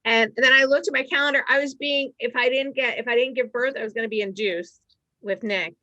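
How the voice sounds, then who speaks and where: Bright, animated woman comic from Massachusetts. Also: a little high, dry recording. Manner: rambling, animated storyteller with quick asides. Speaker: stand-up comedian guest. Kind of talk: casual storytelling chat. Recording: dry, slightly dull sound.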